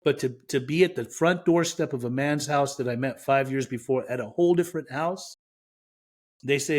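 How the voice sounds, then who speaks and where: A man's voice: medium pitch, moderate pace. A man from Iran, a podcast guest, frankly and reflectively telling his own recovery story with self-mocking humor.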